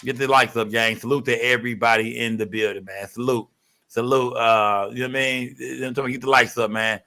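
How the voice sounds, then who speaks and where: A young man hosting a casual livestream, rambling and profane, giving constant shout-outs to his viewers. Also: mid-range voice, fairly even intonation, a little fast. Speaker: livestream host.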